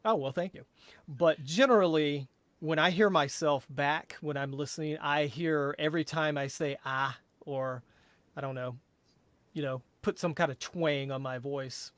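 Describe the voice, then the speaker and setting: A man with a light Southern US accent, talking casually as a guest author, self-deprecating and quick to chuckle, on a headset mic. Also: on the high side, steady tone, fairly bright tone, dry recording. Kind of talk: casual podcast chat.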